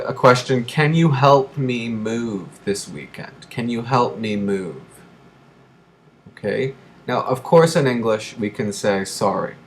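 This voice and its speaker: Male grammar teacher, slow and deliberate delivery, repeats examples, faint background hiss. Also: mid-range voice. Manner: slow, deliberate, repeats key phrases for learners. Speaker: English teacher. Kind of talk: grammar lesson.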